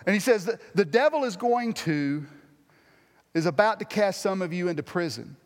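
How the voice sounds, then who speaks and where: A man's voice: high voice, expressive, normal speed, long reverb tail. A man preaching a sermon as pastor, earnest, repeating and restarting phrases for emphasis.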